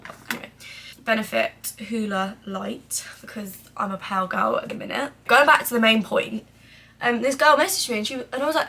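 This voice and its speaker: Young girl doing her makeup and nattering, kinda highish voice w/ lots of vocal fry, says like constantly. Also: bright, forceful tone, a little hiss or hum. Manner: chatty and rambling, lots of "like", casual swearing; drops to a mutter while applying makeup. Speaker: beauty vlogger. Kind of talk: casual get-ready-with-me chat.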